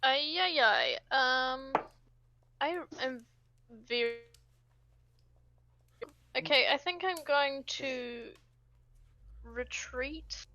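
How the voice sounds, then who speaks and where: A woman playing a tabletop game on a live stream, soft and hesitant. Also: high-pitched, extremely slow, pauses often, dull audio, a little hiss or hum. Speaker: player.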